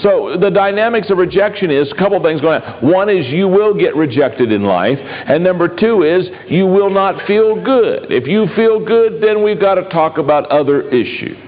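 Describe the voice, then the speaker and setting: Lively joking male preacher in echoey hall. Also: high voice, normal speed, hardly any pauses, a little hiss or hum. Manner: animated storytelling, joking. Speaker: pastor. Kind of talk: humorous sermon. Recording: echoey hall, dull lo-fi sound.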